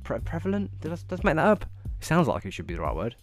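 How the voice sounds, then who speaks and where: A man's voice: medium pitch, huge pitch swings, very fast, soft background music. A man telling rambling, sweary stories in a casual monologue, often laughing.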